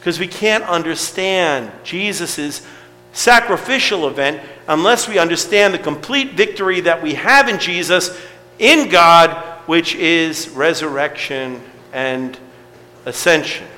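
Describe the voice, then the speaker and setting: A man's voice: a little high, measured pace, pushed and bright, big-room sound, soft background music, poor audio. A middle-aged man preaching a sermon to his congregation in a conversational way, asking rhetorical questions. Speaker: pastor.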